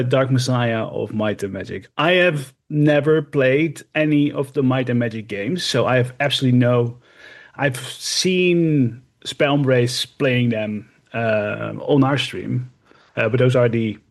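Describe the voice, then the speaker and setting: A man co-hosting a casual podcast, telling game stories in a rambling, animated way with lots of fillers. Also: medium pitch. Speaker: podcast co-host and streamer. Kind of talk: casual chat.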